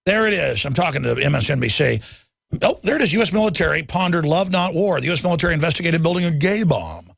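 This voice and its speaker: A man's voice: a little high, gravelly, a bit bright, slightly rough, dry recording, clean studio sound. A man hosting a talk radio show, ranting in a rambling, heated way with many fillers and restarts.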